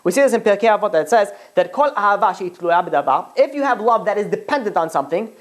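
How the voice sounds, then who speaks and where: A man, a rabbi, teaching a class in a chatty, animated way, telling stories and acting out the quotes. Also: high-pitched, quick pace. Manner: animated, chatty, many fillers and restarts, acts out quotes. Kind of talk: casual classroom lesson with storytelling.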